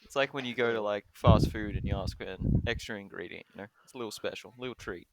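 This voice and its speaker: A man's voice: lowish voice, fast talker, creaky, background noise. A man with an Australian accent co-hosting a podcast, wry and chuckling. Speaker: podcast co-host. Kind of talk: casual podcast chat.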